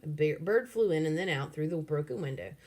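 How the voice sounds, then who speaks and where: A woman narrating a children's novel aloud in an expressive, animated way. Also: low-pitched, brisk.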